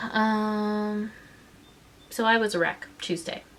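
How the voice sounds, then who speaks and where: Woman vlogger, mid-pitched, emotionally shaken and indignant, halting delivery with frequent restarts. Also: fairly even intonation, a bit bright. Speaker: mother and vlogger. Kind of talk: emotional personal vlog recounting.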